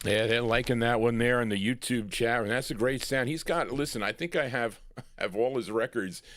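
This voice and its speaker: A man's voice: mid-range voice, normal speed, a bit bright, dry recording. A man hosting a live music show, chatting casually between records and announcing listener requests. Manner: easygoing, chatty, announces requests and chart facts. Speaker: radio show host and record DJ.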